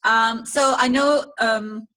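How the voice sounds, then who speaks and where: A woman's voice: a little high, fairly even intonation, takes it slowly, bright, forceful tone, low-quality recording. A woman volunteer on a video call, chatting casually about her dog and laughing as she tells the story. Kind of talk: casual anecdote.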